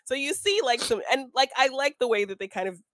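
A woman's voice: sits high, expressive, brisk, a bit bright, no echo. A young woman co-hosting a casual film chat, talkative, laughing often and acting out scenes in quoted voices. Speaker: podcast co-host reviewing a film.

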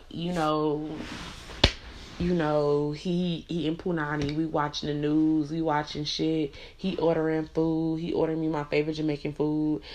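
Speaking straight to camera, a woman tells a frank, profane personal story that sounds unscripted. Her voice is low for a woman with a darkish tone, and she talks in a loose, chatty way packed with "like" and "you know."

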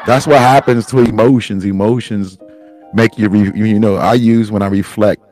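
A man with a low voice talks through tears, swearing and rambling from one thought to the next. Faint music plays behind him as he hosts his own show. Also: steady tone, normal speed, a little mellow. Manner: rambling, profane, tearful and laughing. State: crying. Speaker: podcast host. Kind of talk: emotional personal monologue.

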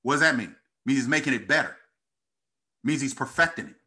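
A man's voice: animated, moderate pace, long pauses, sharp tone. A man preaching a sermon, calling out to the congregation and building in intensity as he reads scripture. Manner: call-and-response preaching, rising in pitch and intensity.

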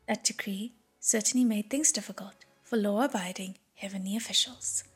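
A woman narrating an audiobook in a breathy, hushed reading voice. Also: medium pitch, normal speed.

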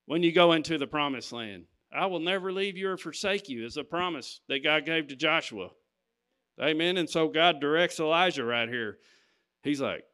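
A man's voice: fairly high pitch, expressive, normal speed, sharp tone, clean tone. A man preaching a sermon, reading scripture and talking to the congregation in an emphatic, conversational way.

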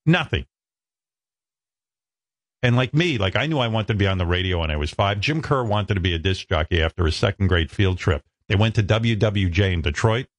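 A man in his sixties from the New York area, a radio host telling stories in an animated, self-mocking, profane way. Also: lowish voice, fairly quick, dry recording. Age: 60s. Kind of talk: casual chat.

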